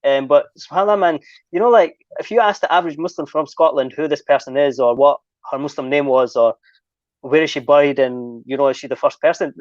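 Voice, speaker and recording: A man chatting on an online show, speaking hesitantly with many pauses and ums. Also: fairly high pitch, no room sound, dull audio. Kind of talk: casual online chat.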